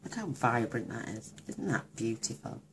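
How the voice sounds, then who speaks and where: A woman's voice: very deep voice, big pitch swings, normal speed, noisy background. A woman demonstrating card-making, gushing and chatty as she thinks aloud while colouring. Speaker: craft demonstrator.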